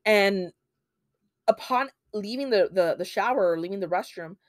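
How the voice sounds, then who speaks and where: A woman's voice: mid-range voice, moderate pace, no room sound, clean studio sound. A woman hosting a podcast and retelling a true crime case in a casual, chatty way, full of fillers and bits of Spanish. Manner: chatty, many fillers, drops Spanish phrases; acts out quoted lines in a heated voice. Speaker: podcast host.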